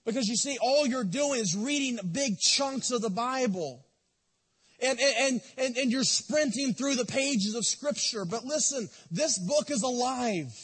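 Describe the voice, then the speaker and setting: A man preaching a sermon in a church, impassioned, swinging from loud to soft. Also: very high voice, measured pace, slightly rough. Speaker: pastor. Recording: long reverb of a church hall.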